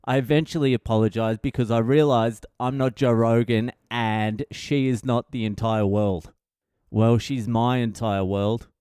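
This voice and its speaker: A man's voice: medium pitch, steady tone, measured pace, warm tone, clear, resonant tone, no echo, clean studio sound. A man hosting a comedy podcast in a casual, profane, self-mocking monologue, acting out what others said. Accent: Australian.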